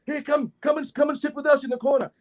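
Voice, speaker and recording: A friendly, excited young stranger greets a traveler with warm, exclamatory calls, as an Australian man puts him on in his story. The voice jumps well above his usual pitch. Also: brisk, breathy edge, highs cut off, full character voice.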